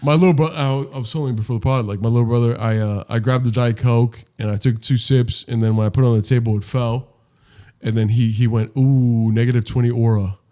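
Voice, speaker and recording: A man co-hosting a casual comedy podcast, telling animated stories, acting out quotes and laughing often. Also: medium pitch, fast. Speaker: podcast co-host.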